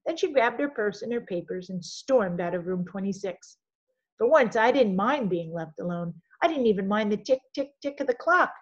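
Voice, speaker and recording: Expressive woman reading a children's story. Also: mid-range voice, normal speed, lo-fi sound. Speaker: audiobook reader. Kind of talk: reading a children's novel aloud.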